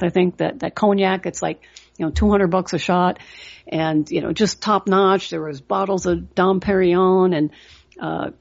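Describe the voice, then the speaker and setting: This trading coach's mid-range voice is a little mellow, and the recording has its highs cut off. The middle-aged woman hosts a podcast, earnestly telling stories and motivating listeners with lots of "you know."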